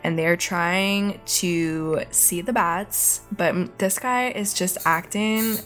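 A young woman co-hosting a podcast, recapping an episode in casual chat, animated and profane, laughing often. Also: on the low side, slow, soft background music. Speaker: podcast co-host.

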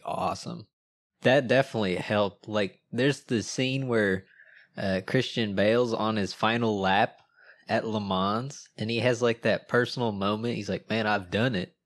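A man's voice: on the low side, no room sound. Enthusiastic man with a dry sound. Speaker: podcast co-host. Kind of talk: casual movie review chat.

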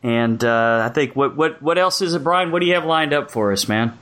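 Relaxed man hosting a podcast. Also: medium pitch, moderate pace. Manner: relaxed, with fillers and restarts. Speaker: podcast host. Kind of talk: casual chat.

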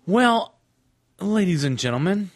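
A man's voice: high-pitched, very animated, unhurried, no echo, clean studio sound. A man co-hosting a podcast, chatting casually about a board wargame, laughing often and reading rules off cards. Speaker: podcast co-host.

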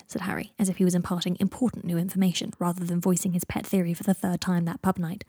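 Mellow husky woman reading a story. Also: on the low side, level tone, fast talker, hardly any pauses, no room sound, clean studio sound. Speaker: podcast host and fanfic reader. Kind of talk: reading her own story aloud.

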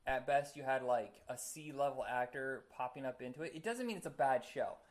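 A man chatting casually as a podcast co-host, rambling with many fillers and quick to laugh. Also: medium pitch. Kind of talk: casual chat.

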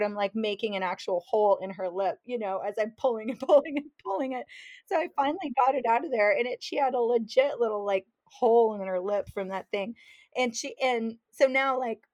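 Woman guest, lively storyteller, slightly high voice, acts out the dialogue. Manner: animated, acts out quotes, laughs while telling. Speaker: fishing guide, podcast guest. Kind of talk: casual storytelling.

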